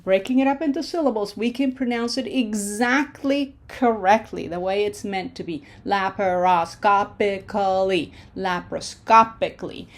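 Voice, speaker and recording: A woman teaching an online pronunciation lesson, patient and reassuring, slowing down to sound out words syllable by syllable. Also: fairly high pitch. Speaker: language teacher.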